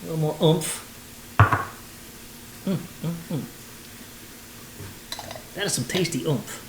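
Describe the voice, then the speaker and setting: A man's voice: fairly high pitch, slow pace, roomy sound, background noise. A man, a voice actor, chatting playfully with viewers while cooking on a livestream. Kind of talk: casual cooking livestream chat.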